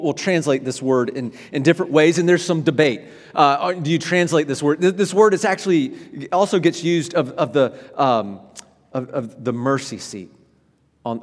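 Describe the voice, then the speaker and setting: A man preaching a sermon to a congregation, animated, with frequent restarts, swinging from loud emphasis to quiet, soft passages. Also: medium pitch, in a large hall. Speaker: pastor.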